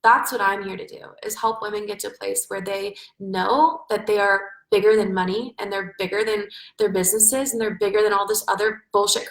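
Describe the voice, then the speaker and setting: A woman's voice: medium pitch, fairly bright tone, echoey room, low-quality recording. A woman business coach hosting a live stream Q&A, effusive and spiritual, swearing casually as she encourages viewers.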